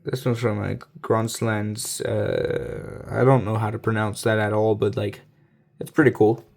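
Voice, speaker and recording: A man's voice: lowish voice, little pitch movement, measured pace, gravelly, darkish tone. A man casually talking through a pile of coins he is sorting, rambling with lots of fillers and self-corrections. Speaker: coin collector.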